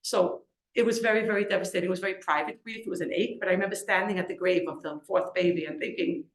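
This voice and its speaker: A middle-aged woman, an author and lecturer, giving an inspirational storytelling talk, acting out quoted voices with big leaps in pitch. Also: fast talker, reverberant. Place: lecture event in a room.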